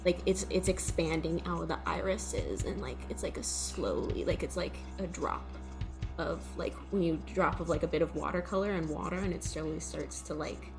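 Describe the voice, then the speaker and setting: A woman's voice: lowish voice, steady tone, normal speed, creaky, music in the background. A woman playing a tabletop game, describing her character's actions in a rambling way with many fillers. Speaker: player. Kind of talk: casual tabletop role-play.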